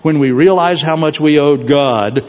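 A man preaching a sermon in an animated way, with joking asides and digressions. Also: fairly high pitch, unhurried. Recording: dull sound with long hall reverb.

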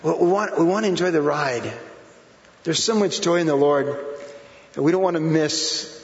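A pastor in his forties preaching a sermon, animated, acting out quotes with whoops and laughter. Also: on the high side, normal speed. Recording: echoey hall, dull lo-fi sound.

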